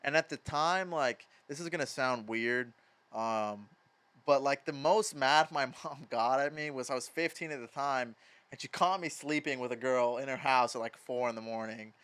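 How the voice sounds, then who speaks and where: A man's voice: mid-range voice, normal speed, clean tone. A young man in his twenties from Wisconsin, a podcast guest telling stories casually, full of "like" and swearing. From Madison, Wisconsin. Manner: filler-heavy, profane, animated. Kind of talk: casual storytelling.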